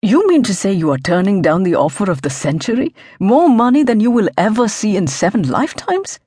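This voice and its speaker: A woman reading the part of an elderly male business tycoon who speaks in a clipped, even, insistent way. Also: on the high side, moderate pace, no room sound, studio quality. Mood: sharp, insistent. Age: older.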